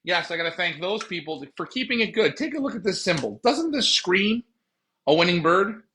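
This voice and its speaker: Joking, high-voiced pigeon fancier. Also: male voice, animated, moderate pace, sharp tone, a little hiss or hum. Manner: joking, rambling, talks to viewers. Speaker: pigeon racing show host. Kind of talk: casual live-stream chat. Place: backyard pigeon loft, outdoors at night.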